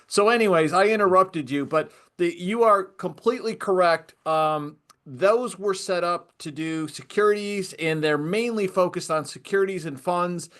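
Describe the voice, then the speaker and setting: Male podcast host, chatty, storytelling, somewhat high voice. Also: a bit bright. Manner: chatty, tells stories with acted quotes. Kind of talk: podcast interview.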